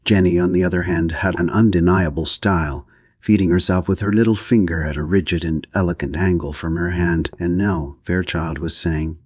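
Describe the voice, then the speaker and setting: Very deep husky male audiobook narrator. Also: steady tone, normal speed, a little mellow, dry recording, clean studio sound. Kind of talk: scripted narration.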